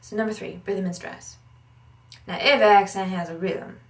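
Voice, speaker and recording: Woman accent coach, casual and animated, mic set back in a roomy space. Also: medium pitch, moderate pace, distant mic. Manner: animated, breaks into sung syllables and mock accents to demonstrate. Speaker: accent and dialect teacher. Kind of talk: casual spoken lesson.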